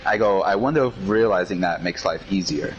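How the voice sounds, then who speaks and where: A man's voice: low voice, fairly quick, muffled recording, slight background noise. A man in casual chat, laid-back and slangy, retelling conversations line by line. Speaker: podcast co-host.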